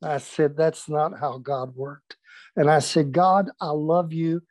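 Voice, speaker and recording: A man's voice: on the high side, slow, dry recording. An older man, a pastor, telling stories from his past in a conversation, acting out the voices of the people he quotes, with many fillers and restarts. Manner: animated anecdotal storyteller, acts out quoted voices, with fillers and restarts. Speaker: pastor recounting his history. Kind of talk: storytelling in a recorded conversation.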